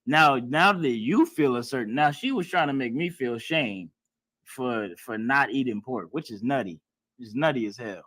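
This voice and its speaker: A man's voice: medium pitch, animated, normal speed, fairly bright tone, dry recording. A man teaching a class in a preaching style, emphatic and blunt, with casual everyday speech and some swearing. He acts out other people's lines in mocking tones.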